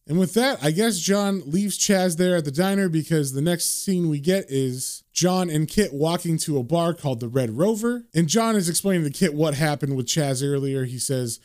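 A man's voice: animated, moderate pace, a little mellow. Man casually retelling a comic. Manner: retells panels loosely, lowering his voice for quoted lines. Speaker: comic book reader. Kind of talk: casual comic read-aloud.

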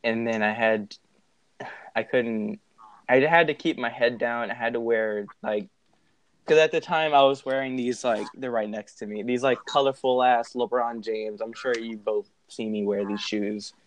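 Animated young man telling a wild story. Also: medium pitch, moderate pace. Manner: animated, swearing, laughing while telling. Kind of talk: casual storytelling.

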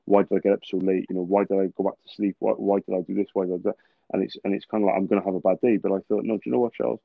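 A man's voice: sits low, level tone, racing, vocal fry, no room sound. A man hosting a podcast, talking in earnest, rambling stretches in casual interview chat. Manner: rambling, earnest, talks in long run-on stretches. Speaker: podcast host. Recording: tinny phone-like line.

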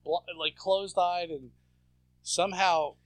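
A man's voice: high voice, steady tone, measured pace, no room sound. A man co-hosting a casual podcast, telling crude, mocking stories. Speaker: podcast co-host. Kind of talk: casual chat.

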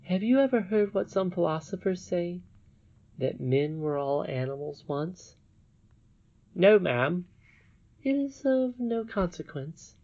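A man's voice: high-pitched, big pitch swings, darkish tone, lo-fi sound, pitched above the performer's own voice, exaggerated voice. Man voicing a wise regal old princess. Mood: solemn. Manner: solemn, measured, instructive. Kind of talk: audiobook reading.

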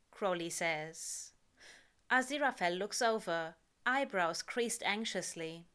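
A woman reading a story aloud in a measured, calm narration. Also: medium pitch. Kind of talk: reading fan fiction aloud.

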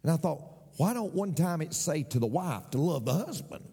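A man's voice: fairly high pitch, sing-song, moderate pace, creaky, mellow, breathy edge, long reverb tail. A man preaching a sermon as pastor, repeating phrases and asking the congregation for an amen.

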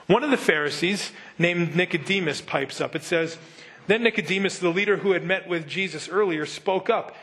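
Conversational man preaching, higher voice. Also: normal speed, fairly bright tone. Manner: conversational preaching, rhetorical questions. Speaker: pastor. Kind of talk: sermon.

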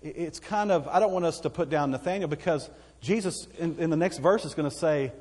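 A man's voice: fairly high pitch, brisk, a little mellow, husky, big-room sound. A man with a Texan accent preaching a sermon as pastor, folksy and conversational, with asides to the congregation. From Texas.

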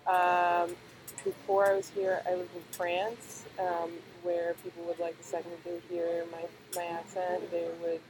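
A young woman chatting casually, rambling and filling her talk with pauses and fillers. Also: on the low side, completely flat delivery. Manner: rambling, filler-heavy storytelling. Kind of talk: casual chat. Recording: noisy background.

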